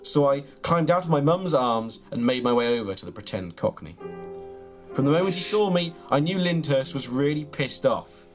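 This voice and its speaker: A man reads out an absurd comic memoir in a deadpan, mock-earnest way. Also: medium pitch, normal speed, soft background music. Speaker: comedy podcast host reading his own mock memoir. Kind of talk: deadpan comic reading of a story, then casual chat.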